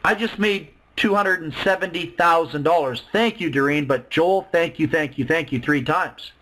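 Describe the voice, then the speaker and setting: Bright, high-voiced salesy man. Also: normal speed, poor audio. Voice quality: excitable, salesy, acts out quoted voices. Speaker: webinar presenter. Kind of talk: sales pitch on a webinar.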